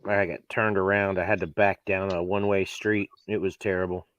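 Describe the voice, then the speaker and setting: Low bright-toned man, laid-back. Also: level tone, a little fast, no room sound. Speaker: truck driver. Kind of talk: casual chat.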